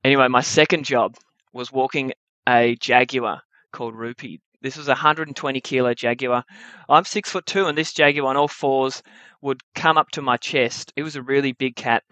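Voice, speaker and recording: A man's voice: mid-range voice, moderate pace, dry recording. Wry young man telling a story. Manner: wry, animated storytelling with comic timing. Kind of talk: live story-slam storytelling.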